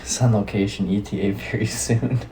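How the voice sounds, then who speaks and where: Low-voiced Canadian man chatting on stream. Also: steady tone, moderate pace, mellow, slight background noise, low-quality recording. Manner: laid-back, swears casually, chats with viewers. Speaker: livestream host. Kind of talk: casual live-stream chat with viewers.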